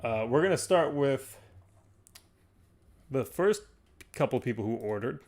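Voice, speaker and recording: A man hosting a live stream from a card shop, talking to viewers in an excitable, rambling way and laughing often. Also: mid-range voice, a little slow. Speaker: livestream host of a card shop.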